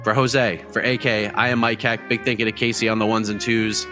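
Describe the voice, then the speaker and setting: A man's voice: on the low side, level tone, a little fast, over music. A man hosting a casual post-fight podcast, talking in a chatty, rambling way with many restarts. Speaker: host.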